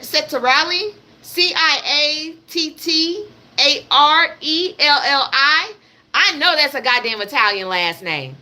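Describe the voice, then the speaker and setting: Brief: woman livestream host, high and bright, blunt and emphatic political rant, repeats herself, swears, speaks straight to viewers. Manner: addresses her audience directly. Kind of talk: live political commentary rant.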